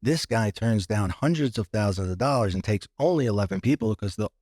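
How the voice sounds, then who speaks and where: A man's voice: fairly low pitch, expressive, fairly quick, a little mellow, no room sound, studio quality. A man guest on a podcast, telling a personal story with many restarts and acting out what others said.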